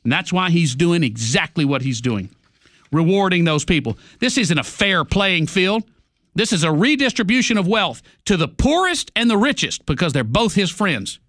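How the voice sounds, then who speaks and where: High, animated angry talk radio man. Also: normal speed, no echo, clean studio sound. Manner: angry, sarcastic, combative. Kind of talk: political rant.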